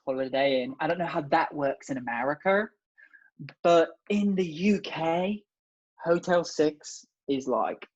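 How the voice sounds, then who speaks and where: A woman's voice: low voice, heavily acted. A woman playing a bumbling male sex expert obsessed with rats, rambling and hesitant in a put-on British accent that slips, heard over a video call. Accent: put-on British, slipping. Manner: rambling, hesitant, absurd deadpan boasts. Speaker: guest. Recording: dull lo-fi video call audio.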